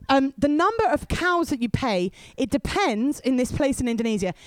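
A woman gives a sermon in a chatty, storytelling way, turning to the crowd with quick asides. Her voice sits fairly high and swings a great deal, rising and falling through each line. The sound is close and dry. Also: no room sound. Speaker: speaker at a youth event.

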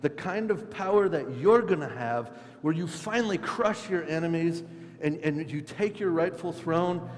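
Eager disciples begging for power, as a preacher puts them on, a bit higher than his own voice, echoey hall. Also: lively intonation, moderate pace, natural voice. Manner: wheedling, pleading. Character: eager ambitious male disciples begging favors. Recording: echoey hall with faint hum.

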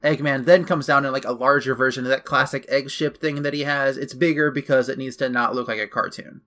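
Host, casual man recapping a game plot, bright forward voice. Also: medium pitch, fairly even intonation, a little fast. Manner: chatty, loose recap with fillers and asides. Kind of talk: casual chat.

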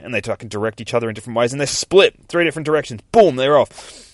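A man hosting a solo comic book podcast, recapping a story in a loose, profane, animated way and acting out the characters' lines. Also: medium pitch, rapid-fire, no room sound, studio quality.

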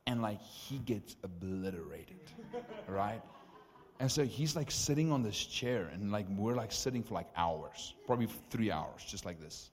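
A young man preaching a testimony sermon, telling stories with lively acted-out dialogue. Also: lowish voice, normal speed, a little hiss or hum. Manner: animated, acts out dialogue in stories. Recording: long reverb of a hall.

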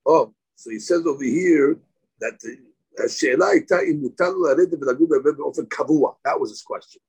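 A man's voice: on the high side, sing-song, moderate pace, vocal fry, darkish tone, slightly rough, poor audio. A man teaching a live Talmud class. He reads Aramaic lines aloud, explains them in English, and rises sharply on key points. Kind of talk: daily Talmud class lecture.

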